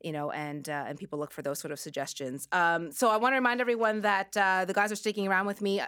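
A woman hosting a radio talk show, chatty and quick to laugh. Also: mid-range voice, fairly bright tone, clear, resonant tone, dry recording, studio quality. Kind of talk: casual radio chat. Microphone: studio microphone.

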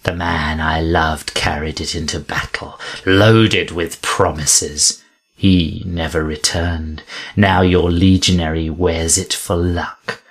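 Male narrator doing a sinister old crone: slow, deep, husky, hissing commands, audiobook. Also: fairly even intonation, full character voice. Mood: ominous. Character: ancient menacing Celtic crone, woman. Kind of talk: audiobook character voice.

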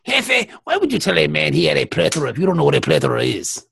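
Brief: pompous bandit boss, low and gravelly, as a man quotes him. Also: huge pitch swings, fast, fairly bright tone, full character voice. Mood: mock-grave. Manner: mock-grave movie quote.

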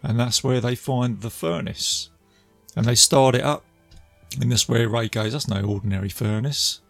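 A man's voice: mid-range voice, little pitch movement, measured pace, creaky, dry recording, soft background music. A man casually retelling a film's scenes, chatty and laughing as he goes. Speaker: film reviewer. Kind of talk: casual film recap.

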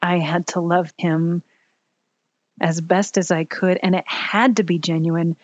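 A woman telling a personal story in a candid, earnest way, pausing at the emotional moments. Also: fairly low pitch, fairly even intonation, a little mellow, no echo, highs cut off.

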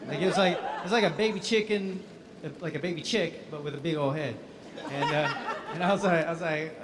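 A man's voice: on the high side, fairly quick, crowd noise, noisy background. Laughing male voice actor at a panel. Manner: laughing, animated storytelling. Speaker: voice actor guest at a convention panel. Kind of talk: casual convention Q&A.

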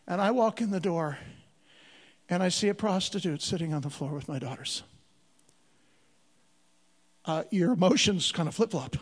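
A high-pitched man speaks as a missionary, telling his story with earnest conviction and stumbling repeats. His voice rings through a large hall with long reverb, as if addressing a gathered crowd. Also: moderate pace, pauses often, husky. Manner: earnest, repeats words when stressing a point. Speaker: Christian missionary. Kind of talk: storytelling testimony to an audience.

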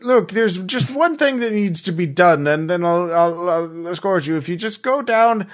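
A man voicing an eccentric old uncle who tinkers in a scrap-metal fortress, speaking high, fluttery and evasive. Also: expressive, normal speed. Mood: coaxing.

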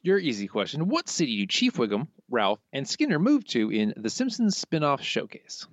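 A man's voice: mid-range voice, huge pitch swings, moderate pace, no room sound, dull audio. A man co-hosting a podcast, casually reading listener quotes aloud and laughing often. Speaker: podcast co-host.

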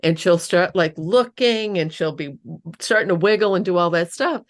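A woman hosting an interview, asking halting, rambling questions about her dog. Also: fairly low pitch, lively intonation. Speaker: interview host. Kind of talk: casual interview talk.

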